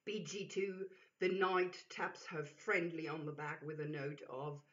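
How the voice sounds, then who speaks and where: A woman reading a comedy script, slow and musing with fillers, on a dull lo-fi recording. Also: low-pitched, steady tone. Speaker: reader.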